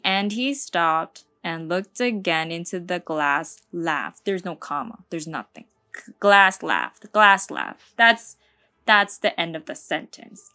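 A woman reads a novel aloud at an unhurried, drawn-out pace. She trips over words now and then and stops for wry remarks about the text. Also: fairly low pitch, pushed and bright. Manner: slow, wry, stumbling over words, comments mid-reading. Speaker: book reader. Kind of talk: casual read-aloud with asides.

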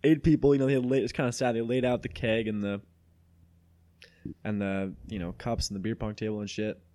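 A man's voice: lowish voice, level tone, a little fast, dark tone, no echo. A young man from Mexico hosting a podcast, telling a story in casual chat. He talks animatedly, laughs often and swears freely. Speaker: podcast host.

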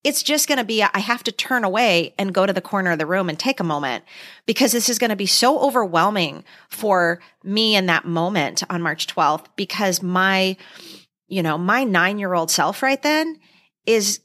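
A woman's voice: mid-range voice, lively intonation, normal speed, fairly bright tone. Gushing, emotional woman podcast co-host. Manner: gushing and emotional, rambling restarts. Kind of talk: casual chat.

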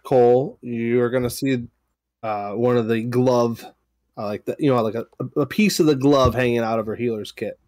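A man narrating as game master of a tabletop game, loose and halting. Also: mid-range voice, fairly even intonation, darkish tone, no echo, clean studio sound.

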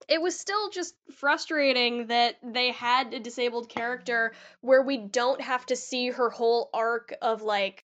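Bright high-voiced woman, lo-fi sound. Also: a little slow, hardly any pauses. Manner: candid, ranting, laughs often. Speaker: podcast co-host. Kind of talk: casual chat.

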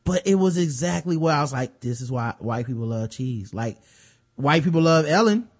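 A man's voice: on the high side, moderate pace, breathy edge. A man co-hosting a podcast, chatting casually and cracking opinionated jokes. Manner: animated and opinionated, jokey. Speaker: podcast co-host. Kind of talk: casual chat.

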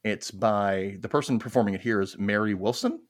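A man's voice: lowish voice, moderate pace. A man with a Southern American accent from Mississippi, hosting a casual podcast, rambling and laughing at his own jokes. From United States. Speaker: podcast host.

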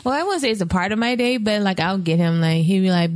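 A woman co-hosting a casual podcast chat, animated and acting out little quotes as she tells stories. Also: fast, hardly any pauses. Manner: animated, acts out quotes with big pitch jumps. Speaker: podcast co-host.

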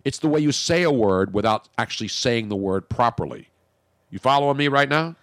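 A man's voice: medium pitch, expressive, fairly quick, a bit bright, dry recording, studio quality. A man with a Philadelphia accent co-hosting a radio show, bantering in an opinionated, rambling, jokey way.

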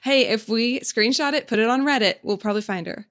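A woman's voice: a little high, quick pace. Woman, thirties, podcast co-host, giggly and chatty, loose casual delivery. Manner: giggly, chatty, trails off with fillers. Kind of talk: casual chat.

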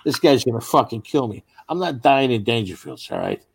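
A male stand-up comic with a gravelly, husky voice swaps profane, animated stories with other comedians. His pitch swings widely as he acts out each beat, and the sound is dry and close. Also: brisk, no echo. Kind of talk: casual storytelling among comics.

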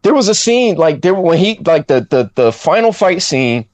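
A lively man talking loosely about a movie, his voice jumping way up whenever he acts out his own reactions. He sits a touch high for a man, and the sound is dry and close with no room around it. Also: normal speed, dry recording. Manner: animated, swoops up high when quoting himself, slangy. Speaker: podcast co-host reviewing a film. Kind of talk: casual chat.

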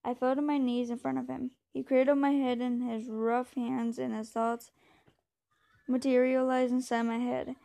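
A woman reading a novel aloud in a steady, measured way, now and then stumbling over a word. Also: a little high, creaky. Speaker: reader.

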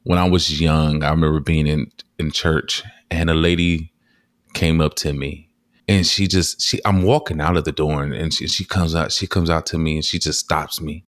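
Deep-voiced animated male podcast host. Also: normal speed, no echo, studio quality. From Texas. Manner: animated storyteller, acts out quotes in high voices. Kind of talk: casual interview chat.

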